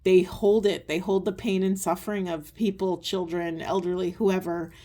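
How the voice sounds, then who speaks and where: Woman, spiritual card reader, soft earnest rambling delivery, lowish mellow voice. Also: fairly even intonation, normal speed. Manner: soft, earnest, meandering with many ums. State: tearful at times. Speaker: tarot and oracle reader. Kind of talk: spiritual card reading monologue.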